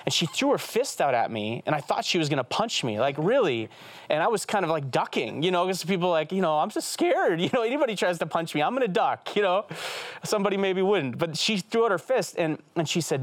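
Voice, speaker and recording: A man's voice: fairly high pitch, lively intonation, a bit bright, no room sound. Earnest man in a dry studio. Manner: earnest, fast, says "right?" often. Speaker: evangelist guest. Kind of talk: animated storytelling interview talk.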